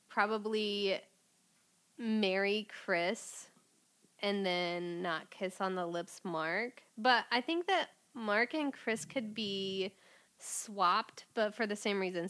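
A woman in casual podcast chat, thinking aloud with hesitant pauses. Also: mid-range voice, a bit bright. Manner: thoughtful, hesitant, with frequent "um" and laughs.

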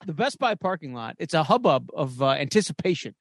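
Animated, swearing male storyteller. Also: on the high side, fairly quick, creaky, dry recording, clean studio sound. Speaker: podcast co-host. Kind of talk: casual chat.

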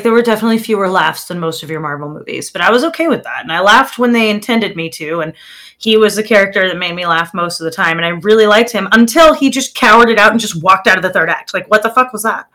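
Bright-voiced woman chatting about movies. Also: medium pitch, brisk. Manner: animated, laughs often, loses track of names. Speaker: podcast co-host. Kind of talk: casual movie review chat.

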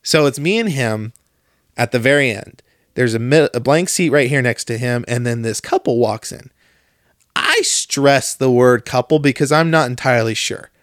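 A man's voice: mid-range voice, moderate pace, no room sound, studio quality. A young man chatting casually as a podcast co-host, telling stories with lots of swearing and animation. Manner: profane, animated storyteller. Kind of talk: casual chat.

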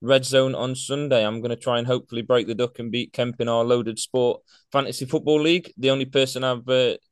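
Man, podcast regular, fast smooth delivery, plainspoken. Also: medium pitch, steady tone, no room sound, clean studio sound. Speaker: podcast co-host. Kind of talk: casual sports podcast chat.

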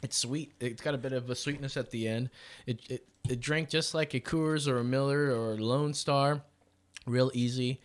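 A man's voice: medium pitch, steady tone, normal speed. A man hosting a casual podcast, upbeat and jokey, often saying "that's right.". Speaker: podcast host.

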